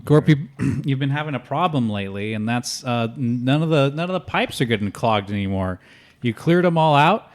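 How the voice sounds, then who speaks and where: A man narrating an improvised tabletop game as game master, halting and restarting often. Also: medium pitch, animated. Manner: halting, full of fillers and restarts.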